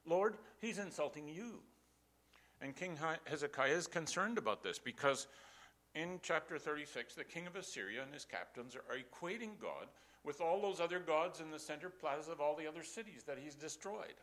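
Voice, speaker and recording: An older male preacher delivers a sermon in a bright, forceful voice. He tells the story with animated swings of pitch, leans hard on repeated lines and asks his listeners rhetorical questions. His voice sits a little higher than most men's. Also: a little fast.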